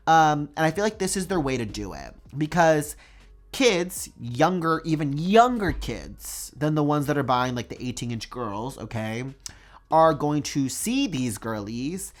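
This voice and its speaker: Doll collector vlogger, opinion rant to camera, emphatic, dramatic repetition, lots of "like". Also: medium pitch.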